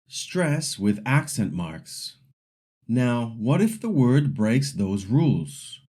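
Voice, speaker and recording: A man narrating a scripted language lesson as the teacher, explaining rules patiently and slowly modeling example words for the listener to repeat. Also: mid-range voice, very animated, a little mellow, breathy edge.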